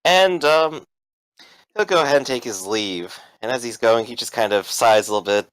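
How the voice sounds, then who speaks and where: A man running a tabletop role-playing game as game master, relaxed and joking, with many fillers. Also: mid-range voice, moderate pace, smooth, dry recording, rough recording.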